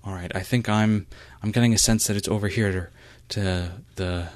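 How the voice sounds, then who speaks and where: A man voicing a patient, encouraging male mentor in an improvised role-play, calm and halting with fillers. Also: on the low side, no echo, natural voice.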